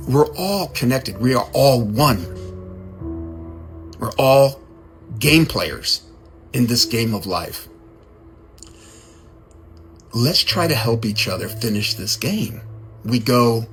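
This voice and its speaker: A man giving a casual, conversational sermon, animated and given to repeating his words. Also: mid-range voice, takes it slowly, pauses often, soft background music. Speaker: speaker.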